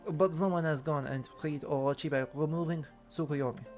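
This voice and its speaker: A man voicing a vain, flamboyant male swordsman prophet in a deliberately awful fake French accent, reading with mock grandeur. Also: a little high, fairly even intonation, a little mellow, faint music behind, lightly acted. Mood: haughty. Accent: exaggerated fake French. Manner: theatrical, mock-grand reading of game lines.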